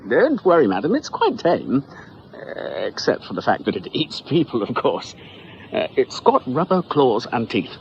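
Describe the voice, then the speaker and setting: Breezy oddball doctor read by a man, animated, slightly dull radio sound. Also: mid-range voice, moderate pace, slight background noise, voice pushed up. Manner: breezy and matter-of-fact. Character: eccentric cheerful male doctor, unflappable.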